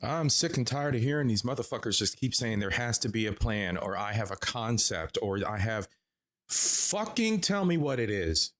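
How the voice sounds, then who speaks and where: A man's voice: on the low side, a little fast, hardly any pauses, fairly bright tone. A man vlogging a heated, profanity-heavy commentary, cursing and emphatic as he talks to his viewers.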